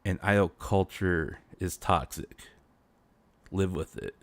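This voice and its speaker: A man with a low, gravelly voice rambles through a casual livestream rant. He keeps restarting his sentences and leans on "you know". His voice. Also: expressive, slow pace, no room sound. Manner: rambling, many restarts and fillers. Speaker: VTuber streamer.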